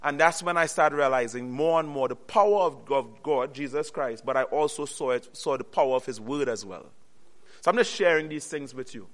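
A man preaching a sermon, earnestly repeating key phrases and pausing on "what?" to let listeners finish the line. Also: medium pitch, a bit bright. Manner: call-and-response, pausing on "what?" for the audience to finish.

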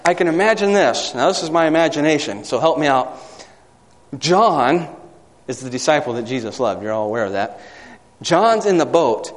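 A man's voice: on the high side, expressive, moderate pace. A man preaching a sermon, asking the congregation questions and reading scripture aloud. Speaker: pastor. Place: church. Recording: church hall with long reverb.

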